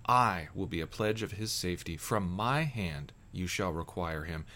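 A man's voice: low voice, animated, normal speed, sharp tone. A man voicing Judah, an adult brother, speaking earnestly and persuasively in a scripture reading.

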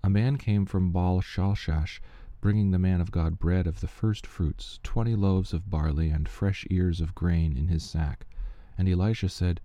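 A man giving a steady, measured reading of Bible passages aloud, with the odd slip he corrects. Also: low voice, no echo. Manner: steady, measured reading with small slips and restarts. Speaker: scripture reader.

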